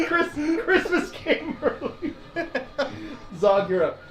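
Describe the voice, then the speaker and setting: A man narrating a tabletop game as dungeon master, animated and often laughing. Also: very high-pitched. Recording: echoey room with music.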